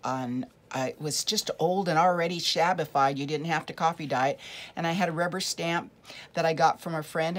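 A woman casually showing off a handmade craft project, chatty and rambling, with frequent fillers and restarts. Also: low voice. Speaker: craft vlogger. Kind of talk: casual show-and-tell craft tutorial.

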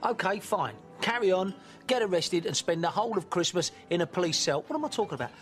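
A man's voice: high-pitched, animated, fast, soft background music. An actor playing a sarcastic middle-aged husband and father with a cutting manner. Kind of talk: TV soap drama acting.

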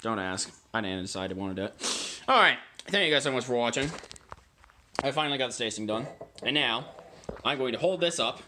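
A man's voice: medium pitch, expressive, fairly quick, pushed and bright, a little hiss or hum. A man hosting a casual home video, tasting wine and chatting to his dogs between remarks. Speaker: amateur wine vlogger.

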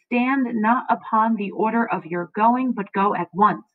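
A woman teacher reading aloud as Lady Macbeth, a frustrated and commanding queen, in a slow, firm voice. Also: fairly high pitch, close to an everyday voice. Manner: reads slowly and firmly. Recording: dry, tinny phone-like sound.

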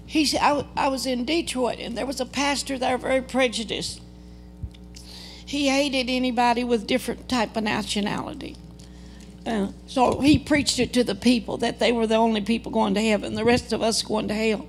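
Older woman preaching, gravelly voice. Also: fairly high pitch, fairly even intonation, a little slow, long pauses, slight background noise. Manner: earnest, dramatic storytelling with quoted dialogue. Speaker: guest preacher. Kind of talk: testimony sermon. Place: church service.

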